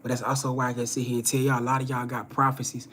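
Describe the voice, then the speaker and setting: A man's voice: racing, a little hiss or hum. Man telling a spiritual story to live viewers. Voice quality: voice swings from loud and animated to low and hushed, acting out other people's lines. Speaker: spiritual reader and host. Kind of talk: casual storytelling to a live audience.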